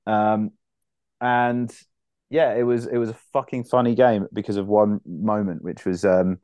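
A man's voice: lowish voice, steady tone, a little slow, darkish tone, no echo. A man, co-hosting a casual sports podcast, rambling with frequent restarts and swearing. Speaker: podcast co-host.

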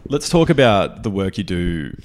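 An Australian man hosting a food podcast, relaxed and quick to laugh, asking long rambling questions. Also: sits low. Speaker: podcast host. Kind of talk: casual podcast interview.

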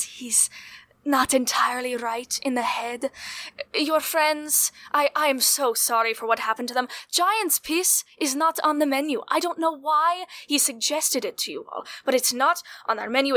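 A woman's voice: sits high, bright, forceful tone, dry recording. A woman playing a female tavern server who ingratiatingly apologizes to unhappy patrons. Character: smooth-talking female tavern server, placating and fake-polite.

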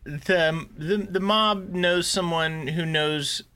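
A man with a fairly high, very bright voice, co-hosting a podcast. He chats casually through the episode's plot and cuts in with quick wisecracks and jokes. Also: clean tone. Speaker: podcast co-host.

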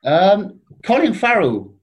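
A man's voice: high voice, huge pitch swings, takes it slowly, slightly rough. A man telling a rambling, self-deprecating story in casual chat, laughing often. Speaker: guest telling stories.

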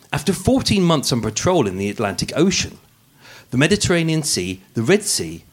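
A man with a Birmingham accent hosting a live true-crime podcast, narrating with jokes and frequent stumbles over words. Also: mid-range voice. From England. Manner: jokey, self-deprecating, stumbles over words. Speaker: podcast host. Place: room with a live audience.

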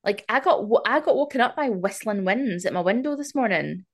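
A tired woman co-hosting a podcast, joking around and swearing freely. Her pitch swings widely as she talks. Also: lively intonation, a little fast. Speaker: podcast co-host. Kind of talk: casual chat.

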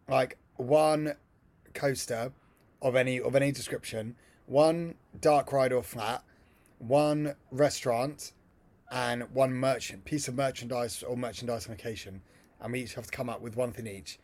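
A man co-hosting a casual podcast chat, eagerly pitching ideas and laughing often. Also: a little mellow. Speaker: podcast co-host.

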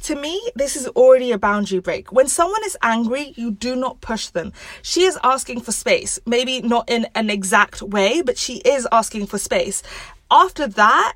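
A woman's voice: on the high side, expressive, moderate pace, fairly bright tone, no echo. A woman hosting a show, giving relationship advice in a direct, analytical and firm way. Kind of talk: explanatory advice commentary.

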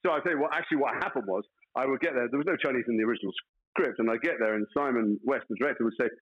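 A man's voice: medium pitch, very fast, highs cut off. A man, an actor guest in a casual interview, telling stories playfully with mock outrage.

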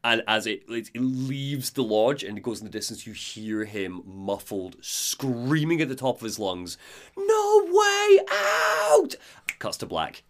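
A man co-hosting a podcast, recapping a story in an animated, casual way with quick asides. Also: on the low side. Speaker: podcast co-host.

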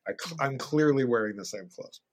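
A middle-aged man, an animator and director, telling a story as a podcast guest in an animated way and acting out the dialogue. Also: medium pitch, a little fast. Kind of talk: casual storytelling.

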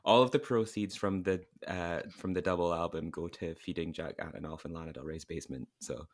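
A man co-hosting a podcast in casual chat, making wry, deadpan jokes and trailing off at the end of lines. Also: low voice, fairly quick. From Scotland. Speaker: podcast co-host.

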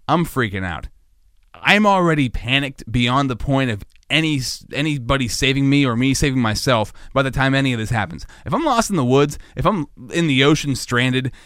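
A man's voice: fairly bright tone, dry recording. Goofy rambling man, dry close sound. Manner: goofy, rambling, with sudden high-pitched mock panic. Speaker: podcast host. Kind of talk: solo comedic podcast monologue.

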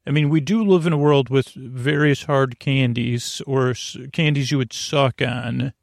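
A man hosting a sleep podcast, talking in a creaky voice and wandering off on tangents in a meandering bedtime ramble. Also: medium pitch, fairly even intonation, a little slow, no echo, studio quality.

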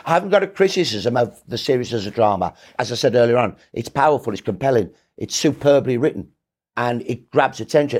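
A man's voice: mid-range voice, lively intonation, brisk, a little mellow. A man, a historian answering interview questions in an emphatic storytelling way. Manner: emphatic, storytelling, rises when rebutting. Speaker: historian guest.

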